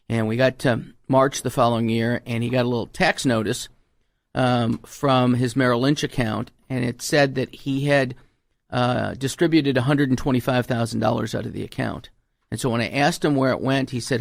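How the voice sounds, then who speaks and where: Gravelly tax advisor telling stories. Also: male voice, mid-range voice, fairly even intonation, moderate pace, no echo, clean studio sound. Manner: folksy storyteller, acts out client dialogue. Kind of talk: radio talk show chat.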